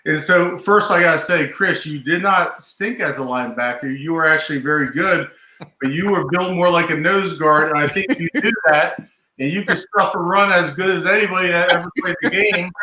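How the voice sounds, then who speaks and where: A man's voice: fairly high pitch, normal speed, sharp tone, echoey room, low-quality recording. A man from New Jersey, a podcast guest, telling stories in a chatty, fatherly way. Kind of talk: casual interview chat.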